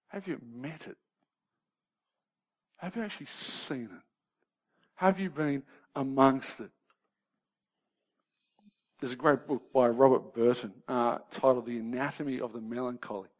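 A man, preaching a sermon in a conversational way and often checking in with his listeners. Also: mid-range voice. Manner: shifts from lively banter to soft, grave questions.

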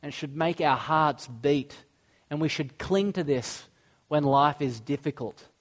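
A man's voice: a little high, unhurried. A man, preaching a sermon earnestly and mixing in personal stories. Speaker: pastor.

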